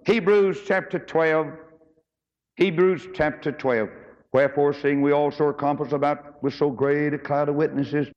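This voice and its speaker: A man preaching a folksy sermon as pastor, rising high and slow when he quotes scripture. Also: a little mellow. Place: church auditorium. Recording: dull recording in a large reverberant hall.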